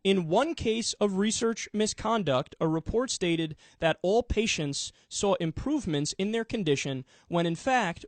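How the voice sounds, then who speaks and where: Man with a fairly high voice reading news with commentary, dry close sound. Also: no room sound. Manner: matter-of-fact, explanatory.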